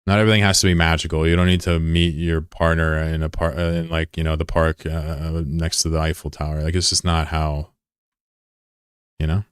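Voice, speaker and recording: A deep-voiced man chatting loosely with his viewers while he plays, wandering from thought to thought with lots of "like" and the odd curse. The sound is close and dry, with no room around it. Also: flat delivery, brisk, clear, resonant tone, no echo. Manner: rambling, curious, filler-heavy and profane. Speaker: game streamer. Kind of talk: casual chat with viewers while gaming.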